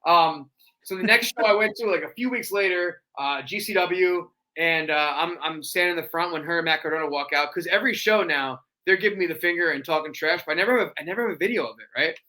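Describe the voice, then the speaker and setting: A man as a guest in a casual chat, telling stories in an animated way. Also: on the high side. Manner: animated storyteller, quick restarts and fillers.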